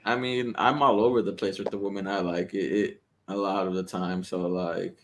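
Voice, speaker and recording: A man in casual podcast chat, telling stories in an animated, profane way. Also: low-pitched, moderate pace, a little hiss or hum.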